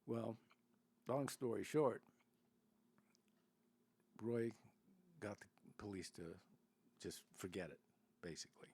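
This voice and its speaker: A man's voice: on the low side, creaky, a little mellow, slightly rough. An older man telling rambling stories as a podcast guest, full of restarts and asides. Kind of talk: casual storytelling.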